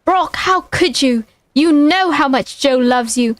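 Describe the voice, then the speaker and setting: A sleepy but theatrical young man who lectures and scolds his friend, as a woman reads him. The voice sits high and sounds close and dry. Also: lively intonation, slow pace, dry recording. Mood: dramatic.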